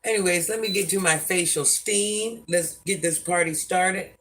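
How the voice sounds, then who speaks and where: A woman's voice: on the low side, moderate pace, fairly bright tone, slight background noise. An older woman hosting a casual livestream, answering viewer comments bluntly and sassily, often talking about herself in the third person. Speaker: livestream host.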